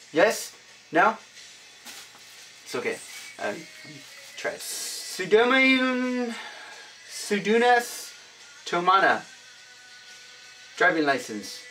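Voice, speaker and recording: A man casually chatting as he opens fan mail for his vlog, upbeat and often shouting out exclamations. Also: a little high, very animated, unhurried, long pauses, faint music behind. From United States. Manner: upbeat, punctuates items with loud exclamations. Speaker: vlogger opening fan mail.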